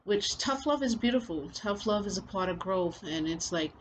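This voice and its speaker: A woman's voice: mid-range voice, lively intonation, normal speed, a little hiss or hum, poor audio. A woman giving casual spiritual commentary as a vlogger, rambling and leaning heavily on filler phrases. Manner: rambling, heavy on "you know" fillers.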